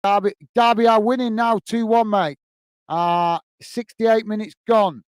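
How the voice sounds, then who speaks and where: A man with a high, steady, smooth voice hosts a football live stream at a measured pace, in a dry recording. He chats casually and reads out viewer comments, often calling people "mate," with many fillers and restarts.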